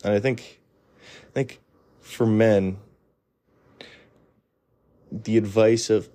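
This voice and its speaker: A man with a fairly low, warm, mellow voice shares his opinions in a loose, blunt monologue, keeping his intonation fairly even. He speaks extremely slowly with frequent pauses, stumbles through restarts, and fills gaps with "you know."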